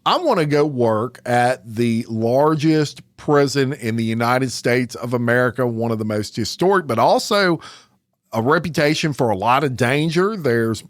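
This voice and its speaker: A man's voice: medium pitch, normal speed, no room sound, studio quality. A middle-aged man hosting a podcast, chatting casually with a guest and laughing along. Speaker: podcast host. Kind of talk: conversational interview.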